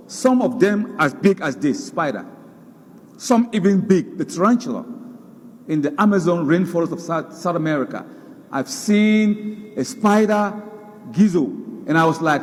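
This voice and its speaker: A man's voice: sits high, in a large hall. A man preaching a sermon, emphatic, repeating words for stress. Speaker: Islamic preacher. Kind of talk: sermon lecture.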